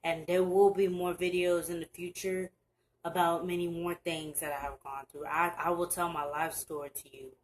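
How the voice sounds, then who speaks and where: A woman's voice: lowish voice, level tone, a little hiss or hum, rough recording. Earnest young woman vlogging advice. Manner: earnest, halting, with many restarts. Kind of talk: casual advice vlog. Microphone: camera mic, looking down at screen.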